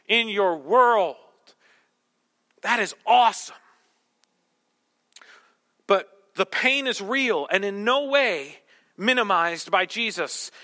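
Bright-voiced pastor preaching in a reverberant hall. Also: male voice, a little high. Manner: conversational, self-deprecating humor. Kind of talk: sermon.

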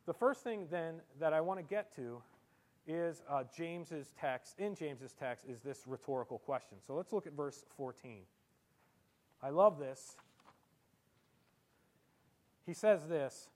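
A man preaching from the pulpit with a high voice for his sex. He is lively and theatrical, dropping into comic voices and leaning hard on sarcastic emphasis to drive each point home. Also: measured pace, pauses often. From Italian heritage. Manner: animated, with comic voices and exaggerated sarcastic delivery. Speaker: pastor. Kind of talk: sermon. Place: church.

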